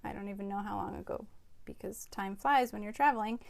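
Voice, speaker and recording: A woman's voice: medium pitch, fairly quick, gravelly. A woman in her forties from the United States, co-hosting a family podcast in an upbeat, emphatic way and laughing often. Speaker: podcast co-host, parent. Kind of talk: casual podcast chat.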